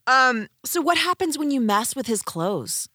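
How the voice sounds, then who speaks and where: A woman's voice: sits high, big pitch swings, unhurried, sharp tone, dry recording, studio quality. A woman interviewing a guest in casual chat, reacting with exclamations and jokes.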